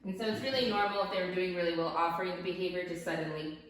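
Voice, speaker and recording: A woman dog trainer running a training session, calmly explaining steps and praising her dogs in bright, high-pitched bursts. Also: racing, slight background noise. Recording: echoey room, mic at a distance.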